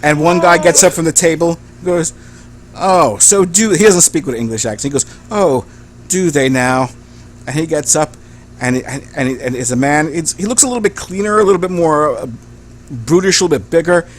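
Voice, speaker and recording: A man's voice: on the high side, animated. A man narrating as game master of a tabletop game, describing scenes with frequent restarts. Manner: rambling, halting description with restarts.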